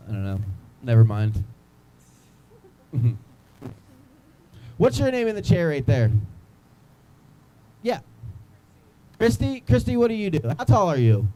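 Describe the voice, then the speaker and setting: A man's voice: mid-range voice, big pitch swings, normal speed, pauses often, mellow, a little hiss or hum, poor audio. A young man doing stand-up comedy in a small club, rambling loosely and teasing the crowd.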